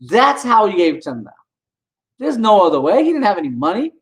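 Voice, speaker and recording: A man's voice: high voice, fairly quick, rough recording. Indignant man ranting to the camera. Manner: indignant, animated, talks to viewers directly. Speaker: vlogger. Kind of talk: casual ranting commentary.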